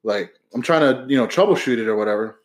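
A man's voice: mid-range voice, expressive, very fast. Laid-back young man telling stories. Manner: laid-back storyteller, swears freely. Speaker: podcast co-host. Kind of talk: casual chat.

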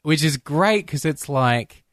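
A man co-hosting a film podcast, enthusiastic, often acting out lines in a lowered voice. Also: expressive, slow pace, dry recording, studio quality. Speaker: podcast co-host. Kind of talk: casual film discussion.

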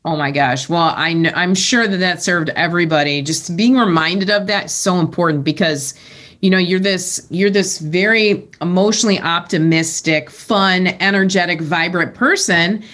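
A woman's voice: fairly low pitch, normal speed, a bit bright. A woman hosting a casual interview, asking questions and affirming her guest. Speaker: interview host.

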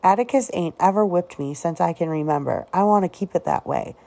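A woman's voice: lowish voice, brisk, vocal fry, warm tone. A woman reading as a terse, stubborn young boy. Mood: firm. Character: earnest stubborn young boy, older brother.

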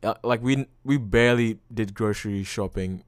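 Rambling, swearing man with a smooth voice. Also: on the low side, moderate pace, no echo. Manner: rambling, full of "like" and frequent swearing. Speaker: podcast host. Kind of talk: casual solo podcast monologue.

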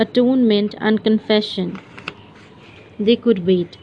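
A woman reading a novel aloud as a narrator, in a measured, unhurried way. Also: fairly high pitch, steady tone, a little mellow, highs cut off, slight background noise. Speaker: audiobook narrator.

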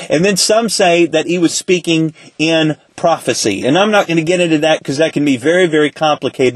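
A man teaching a Bible study lesson in a conversational way, asking rhetorical questions and slowing down to quote scripture. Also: fairly high pitch, breathy edge, no echo.

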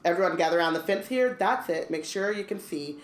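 Hagrid, read by a woman in a low voice. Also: expressive, fast, roomy sound, lightly acted. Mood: cheerful. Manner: read aloud from a book. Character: big gruff male half-giant teacher.

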